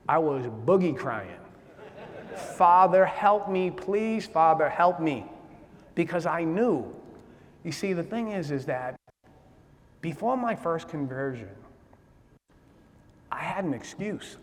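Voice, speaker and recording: A man giving a personal testimony in a lively, streetwise way, often asking "right?" of his listeners. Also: a little high. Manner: animated, streetwise, repeats "right?" to the crowd. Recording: long hall reverb.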